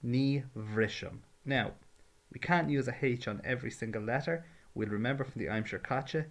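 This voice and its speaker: An Irish language teacher walks through a grammar lesson step by step, patiently explaining and drilling verb forms. His voice is medium in pitch and fairly quick.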